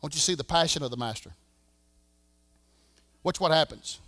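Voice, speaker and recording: A Southern man preaching a sermon as pastor, swinging from shouting to a hush. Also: on the high side, lively intonation, fairly quick, long pauses, dry recording. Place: church sanctuary.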